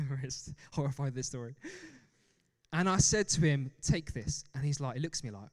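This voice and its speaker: A young man preaching a sermon with an animated, joking manner, often laughing at himself. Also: mid-range voice, moderate pace. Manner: animated, laughs often, self-deprecating asides. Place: church hall. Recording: long reverb of a large hall.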